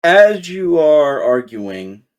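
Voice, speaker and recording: Male GM narrating a tabletop session, unhurried and hesitant. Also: fairly high pitch, big pitch swings, clear, resonant tone. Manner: slow, halting narration full of ums. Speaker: game master.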